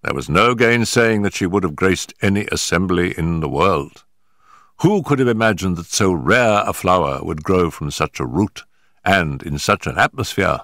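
An older man narrates a story in a low, measured voice with a grave, unhurried weight. The recording is close and dry, with no room sound. Every sentence is delivered with deliberate storytelling care. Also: expressive, a bit bright, dry recording. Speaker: audiobook narrator. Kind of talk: scripted narration.

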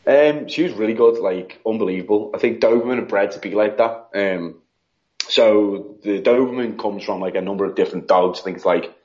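A man's voice: fairly low pitch, fairly quick. British man telling stories on a lo-fi recording. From United Kingdom. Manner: animated, acts out quotes, frequent "like". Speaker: podcast guest. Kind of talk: casual storytelling. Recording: dull lo-fi sound.

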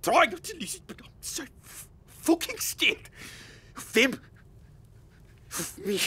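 A man's voice: very high voice, big pitch swings, slow pace, bright, forceful tone, full character voice. A man voicing a starving, half-mad male wanderer in a video game, muttering in broken, swearing bursts with a foreign accent. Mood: frantic. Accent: foreign, unfamiliar to host. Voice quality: gravelly, raspy.

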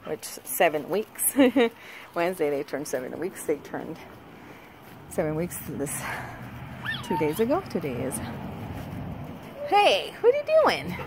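A woman's voice: deep voice, sing-song, takes it slowly, long pauses. A woman chatting casually as she films her dogs outside on a phone, cooing at the puppies in baby talk and laughing often. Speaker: dog owner vlogger. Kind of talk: casual chat. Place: outdoors in a yard. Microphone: handheld phone. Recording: noisy outdoor phone recording.

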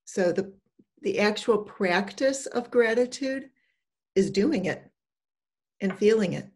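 An older woman, an empowerment coach, speaking in a gentle, conversational, encouraging way. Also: mid-range voice, slow. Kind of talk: casual advice talk.

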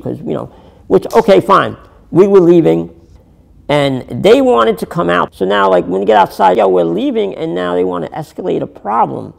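A man's voice: mid-range voice, gravelly, darkish tone, slightly rough. A middle-aged man, telling his story in a candid interview, rambling and swearing as he corrects himself. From New York City. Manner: rambling, profane, self-correcting.

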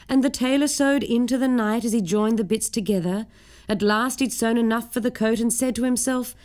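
A woman's voice: on the high side, darkish tone. Woman reading a rhyming children's story. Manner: lilting rhythmic reading. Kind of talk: children's story narration in rhyme.

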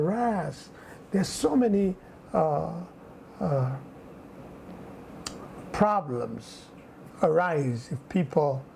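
A man's voice: fairly high pitch, vocal fry, dark tone, slight background noise, low-quality recording. A man preaching a sermon in an earnest way, often repeating phrases and adding fillers.

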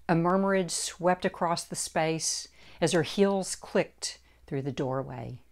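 A woman reads her own book aloud in a measured, deliberate narration. Her voice sits on the low side, and she moves through the text at an unhurried, drawn-out pace. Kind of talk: audiobook narration.

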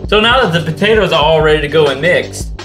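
Man, co-host, casual cooking chat, joking, slightly high voice, echoey room, music behind. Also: animated, quick pace. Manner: loose, joking, trails off with filler words.

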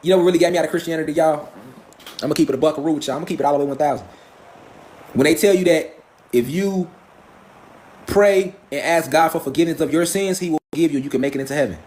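A man's voice: fairly high pitch, quick pace, pauses often, darkish tone, slight background noise. A man giving a profane, preachy live stream lecture, firing off rhetorical questions. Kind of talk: impassioned live stream rant.

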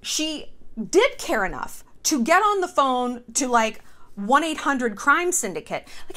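A woman's voice: high voice, sing-song, bright, forceful tone. Sarcastic, foul-mouthed woman host. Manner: sarcastic, profane, quick asides with mock voices. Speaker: commentary host. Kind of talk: casual commentary.

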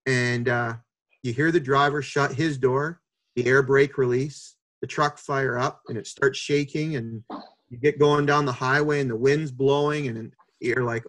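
A man in his fifties tells a long story as a podcast guest, with a voice of middling pitch. He carries it in a lively way and acts out each person he quotes. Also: unhurried. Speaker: podcast guest, hockey executive.

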